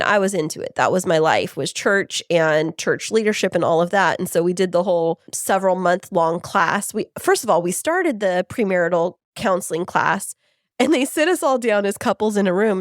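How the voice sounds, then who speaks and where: A woman's voice: fairly low pitch, dry recording, clean studio sound. A woman co-hosting a podcast, telling personal stories in a candid, chatty way. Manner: candid, storytelling, many "like" fillers. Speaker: podcast co-host. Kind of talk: casual podcast conversation.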